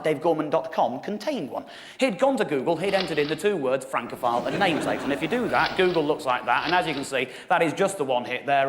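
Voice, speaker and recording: A man in his thirties doing stand-up, telling a long comic story in a wry, animated way. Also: sits high. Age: 30s. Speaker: stand-up comedian. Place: theatre stage. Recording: echoey live venue, faint noise.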